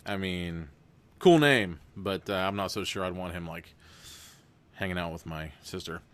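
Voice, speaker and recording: A man's voice: low-pitched, normal speed, a bit bright, clear, resonant tone. A man hosting a live stream, reading an interactive adventure book aloud with rambling, self-deprecating asides. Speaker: game host reading a gamebook.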